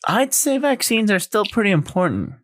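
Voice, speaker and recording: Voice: medium pitch, very animated, moderate pace, dry recording. A podcast co-host in casual chat who laughs often and reads the questions aloud.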